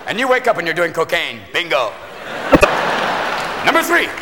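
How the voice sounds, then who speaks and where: A male stand-up comedian delivering a brash, profane set in a large venue, often jumping into shouted character voices. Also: a little high. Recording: live venue recording with long reverb and crowd noise. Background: audience laughter and crowd ambience.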